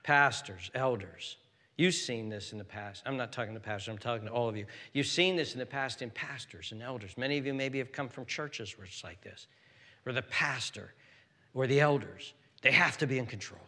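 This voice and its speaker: An older man preaching a sermon as pastor, swinging between hushed, whispered lines and loud, emphatic exhortation. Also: medium pitch, moderate pace, big-room sound.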